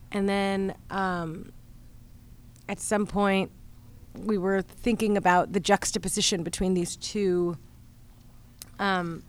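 A woman musician talks through her songwriting in a reflective, hesitant way, pausing often and filling gaps as she thinks. Her voice sits mid-range, with a faint hiss of noise behind it. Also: medium pitch. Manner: thoughtful, hesitant, many fillers. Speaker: musician guest. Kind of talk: conversational interview.

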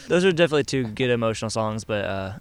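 A man's voice: on the low side, animated, fast. A young man who sings in a band, telling a story in a casual interview and acting out other people's lines with energy. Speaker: band singer.

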